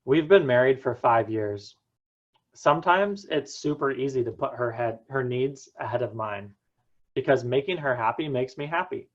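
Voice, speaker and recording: A young man giving a prepared personal talk, telling his story earnestly with dramatic pauses. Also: mid-range voice, animated, lo-fi sound. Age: young adult. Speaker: student speaker.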